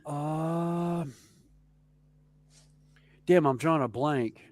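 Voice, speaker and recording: A man with a Southern US accent telling stories in a casual chat, animated and chuckling as he goes. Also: on the high side, extremely slow, dry recording. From Southern United States. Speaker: podcast co-host.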